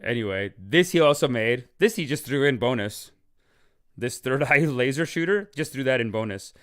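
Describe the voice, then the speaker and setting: A man's voice: medium pitch, expressive, normal speed, fairly bright tone, clear, resonant tone. A man hosting a podcast in casual, rambling, joking talk, swearing and laughing often. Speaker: podcast host. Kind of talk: casual chat.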